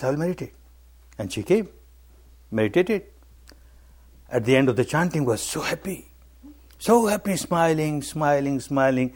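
An older man, a meditation teacher, gives a slow dharma talk, telling stories and repeating key phrases for emphasis. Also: mid-range voice, darkish tone. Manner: slow, repetitive, emphatic delivery.

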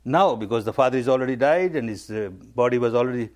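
A man's voice: medium pitch, quick pace. A man giving a spiritual talk, emphatic and repetitive, stressing key words. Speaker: meditation teacher. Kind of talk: dharma talk.

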